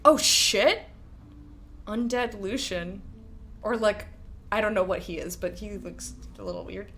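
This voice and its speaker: A young woman streaming a game, chatting casually and excitably, often giggling. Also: mid-range voice, moderate pace, vocal fry, slight background noise. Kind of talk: casual gameplay commentary.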